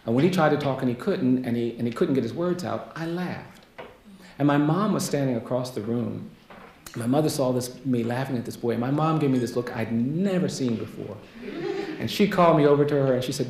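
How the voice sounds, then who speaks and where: An American man delivers a keynote as a lawyer for people on death row. His voice is gravelly and his telling is hushed and earnest, and he builds to refrains he repeats. The stage microphone catches a roomy hall echo and a faint hiss. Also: mid-range voice, brisk. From United States. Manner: quiet, earnest storytelling with rhetorical repetition. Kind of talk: personal storytelling keynote. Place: lecture hall.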